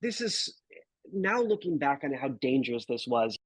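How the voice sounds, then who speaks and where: A man's voice: mid-range voice, big pitch swings, normal speed, slightly rough, no room sound, poor audio. A man in his thirties telling a travel story in a casual interview, laid-back, swearing and calling people dude and bro. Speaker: guest photographer.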